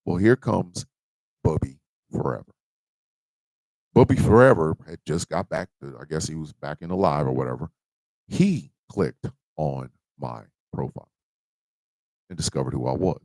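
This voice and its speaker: Deep, gravelly male host, passionate livestream monologue. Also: sing-song, normal speed, long pauses, no room sound, poor audio. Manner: passionate, emphatic, swings between quiet and loud. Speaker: live show host.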